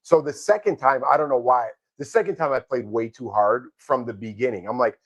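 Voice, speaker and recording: A man's voice: medium pitch, fairly quick, hardly any pauses, dull audio. A middle-aged man co-hosting a casual live chat about a reality show, telling rambling, sentimental stories. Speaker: co-host of a reality TV podcast.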